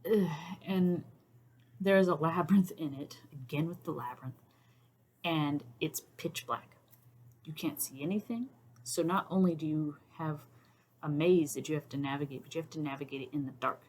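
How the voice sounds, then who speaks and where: A woman's voice: sits low, normal speed, darkish tone, slight background noise. A woman hosting a casual talk to camera, thoughtful with many "um"s, sometimes dropping to a near-whisper. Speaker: YouTube host.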